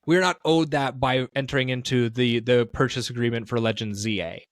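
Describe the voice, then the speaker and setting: A man's voice: mid-range voice, fairly even intonation, brisk, dry recording. Rambling man in a dry podcast chat. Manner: rambling, self-correcting, thinks aloud. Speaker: podcast co-host. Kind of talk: casual podcast discussion.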